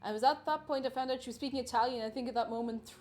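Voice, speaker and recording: A woman with an Irish accent cooks on a live stream while chatting casually with viewers, reading chat aloud and answering them. Her voice is fairly high in pitch but darkish in tone, and she talks rapid-fire.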